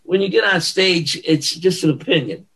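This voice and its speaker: A man's voice: high-pitched, moderate pace, gravelly, breathy edge, low-quality recording. A man, a former bodybuilder, telling stories in an interview and acting out what people said. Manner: animated storyteller acting out quotes. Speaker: guest, former pro bodybuilder. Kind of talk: storytelling interview.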